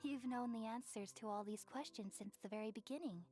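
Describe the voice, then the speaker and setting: A woman's voice: a little high, fairly quick, mellow, soft background music, close to an everyday voice. A woman voicing an earnest young traveler who speaks directly and steadily.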